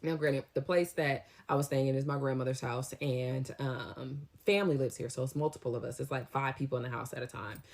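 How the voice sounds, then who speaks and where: Low-voiced young woman telling a story. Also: brisk, few pauses. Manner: animated, slangy storytelling with lively acted-out quotes. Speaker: storytime vlogger. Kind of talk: casual storytime.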